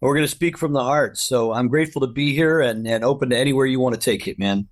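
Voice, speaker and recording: Man, middle-aged, podcast guest, upbeat, storytelling, mid-pitched voice. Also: fast. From United States. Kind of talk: casual conversation.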